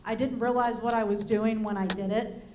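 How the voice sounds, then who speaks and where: A high-voiced woman tells a personal story in a chatty way and asks the room questions. The recording is roomy and echoey, with a faint hum underneath. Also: fairly even intonation, normal speed, mellow. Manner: chatty, engaging the audience with questions. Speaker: panel speaker.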